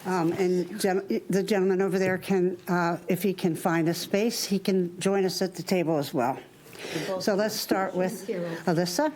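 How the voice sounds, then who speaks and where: A woman chairing a town committee meeting, slightly out of breath and halting, with many fillers. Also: lowish voice, steady tone, a little mellow, poor audio.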